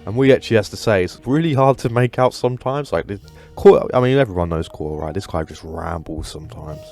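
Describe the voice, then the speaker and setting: A man's voice: on the low side, lively intonation, quick pace, darkish tone, faint music behind. A man hosting a casual commentary video, enthusiastic and rambling, with lots of fillers. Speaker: gaming video host.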